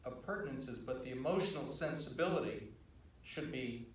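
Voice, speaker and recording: An older man, a writer-director on a film panel, recounting production stories in a measured, dry way at a screening Q&A. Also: mid-range voice, lively intonation, a little hiss or hum. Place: cinema auditorium. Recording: roomy, distant from the mic.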